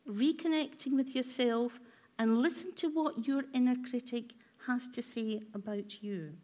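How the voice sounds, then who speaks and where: A woman's voice: on the high side, unhurried, darkish tone. A woman therapist giving a workshop talk, asking her audience many reflective questions in a conversational way with filler ums.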